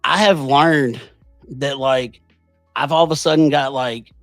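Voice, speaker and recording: A man's voice: mid-range voice, measured pace, fairly bright tone, no room sound, soft background music. A man, hosting a podcast and telling a personal story in an earnest, rambling way. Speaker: podcast host. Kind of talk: casual conversation.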